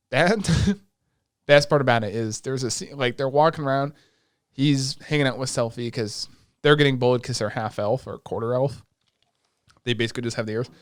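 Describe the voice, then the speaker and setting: A man co-hosting a podcast, chatting casually and excitedly with plenty of swearing as he retells scenes. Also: mid-range voice, normal speed, long pauses, no echo, clean studio sound. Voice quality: excitable, profane, retells scenes in quoted voices. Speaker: podcast co-host. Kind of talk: casual chat recapping an anime.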